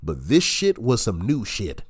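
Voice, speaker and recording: A man's voice: on the low side, wildly swooping pitch, measured pace, husky. A man giving heated, profane reaction commentary, his voice nasal and congested from illness. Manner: profane, combative ranting.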